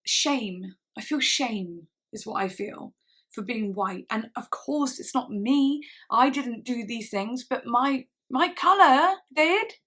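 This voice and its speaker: A woman's voice: a little high, fairly bright tone. Earnest rambling young woman vlogger. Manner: earnest, rambling, frequent "like" and restarts. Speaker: YouTube reaction vlogger. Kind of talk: casual talk to camera.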